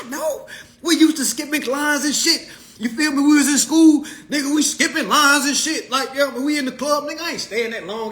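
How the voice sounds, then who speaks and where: A man's voice: extremely high pitch, sharp tone. A man coaching followers on consumer law in a profane, mocking rant. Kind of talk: ranting monologue to followers.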